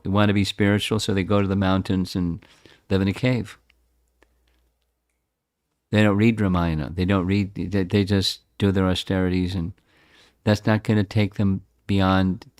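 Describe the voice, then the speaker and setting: Man in his 70s, low pitch, dry sound; reflective devotional lecturer. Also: little pitch movement, normal speed, no room sound. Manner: reflective, repeats and restarts words. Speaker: scripture class speaker. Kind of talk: devotional scripture talk.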